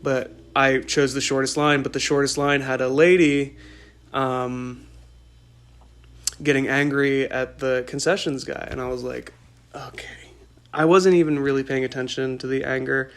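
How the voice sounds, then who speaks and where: A man in his twenties hosting a podcast, telling a rambling story in an excitable way and laughing often. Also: medium pitch, normal speed. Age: 20s. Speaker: podcast host. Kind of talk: casual storytelling monologue.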